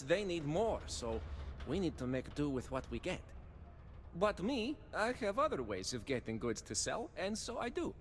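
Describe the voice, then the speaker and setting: Game trader NPC, with an odd mixed accent, fairly high and animated, formal sales patter. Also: male voice, big-room sound, a little hiss or hum. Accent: unplaceable mix from life among ships. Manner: formal, avoids contractions, salesman's charm. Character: chatty smooth-talking male space trader. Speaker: shopkeeper and trader. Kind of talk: video game dialogue.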